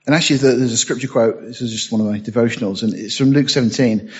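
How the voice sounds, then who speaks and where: A man's voice: medium pitch, fast, hardly any pauses, slightly rough, dull audio. A man preaching a sermon, reading scripture aloud and rising to emphatic bursts.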